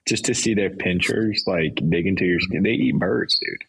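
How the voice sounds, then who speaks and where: A man's voice: deep voice, normal speed, gravelly, fairly bright tone, slightly rough, rough recording. A man talking casually as a podcast guest about trading, in a laid-back, self-deprecating way. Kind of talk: casual chat.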